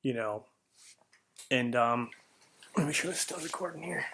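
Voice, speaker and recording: A man's voice: medium pitch, moderate pace, creaky, a little hiss or hum. A man hosting a podcast, telling an earnest personal story in a casual monologue, with many fillers. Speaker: podcast host.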